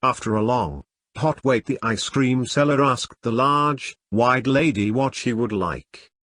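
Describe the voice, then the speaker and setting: Slow husky man reading a schoolbook. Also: medium pitch, fairly bright tone, no echo. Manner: slow, deliberate, word-by-word. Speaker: textbook reader. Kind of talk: reading a school lesson aloud.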